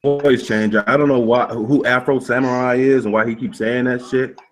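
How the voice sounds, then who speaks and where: A man in an online voice chat who talks in a slow, teasing drawl. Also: medium pitch, fairly even intonation, soft background music. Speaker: debate participant.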